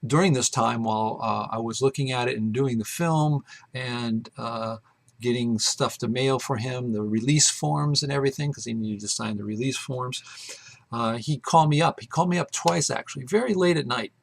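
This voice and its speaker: A man's voice: mid-range voice, moderate pace, vocal fry. A man hosting his own show, telling a personal story in a rambling, casual way with many fillers and restarts. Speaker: host.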